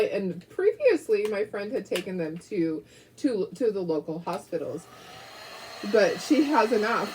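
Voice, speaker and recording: A woman's voice: a little high, a little hiss or hum. A woman hosting a craft video, chatting casually and telling stories while she paints, rambling a little and laughing often. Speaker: craft show host.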